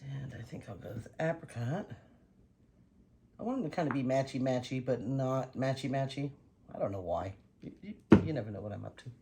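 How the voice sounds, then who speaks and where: Woman vlogger, lively swooping voice, chatty and excitable, faint background hiss. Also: very deep voice, fairly quick. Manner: chatty, excitable, talks to herself and her dog. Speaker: acrylic pour painting vlogger. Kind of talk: casual chat while painting.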